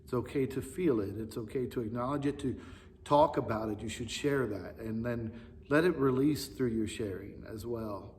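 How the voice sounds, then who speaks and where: A man's voice: medium pitch, moderate pace, a little hiss or hum. A male pastor giving an earnest children's sermon, repeating key phrases for emphasis. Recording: long reverb, echoey hall.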